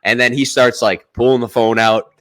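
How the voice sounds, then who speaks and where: A man's voice: medium pitch, level tone, moderate pace, a bit bright. A man on a casual podcast, telling stories in a rambling way and acting out the dialogue. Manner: rambling storyteller who acts out dialogue. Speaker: podcast host.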